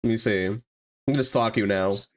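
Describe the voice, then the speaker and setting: A livestreamer and 3D artist chats casually and fairly quickly, laughing often, swearing freely, and jumping up in pitch when excited.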